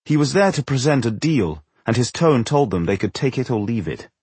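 A man narrating a fantasy audiobook in an expressive storytelling manner, with a husky voice. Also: mid-range voice, normal speed, dry recording.

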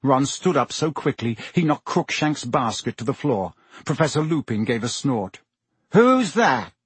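A man narrating a novel as an audiobook in a steady, measured way. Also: medium pitch, husky, no room sound. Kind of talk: scripted narration.

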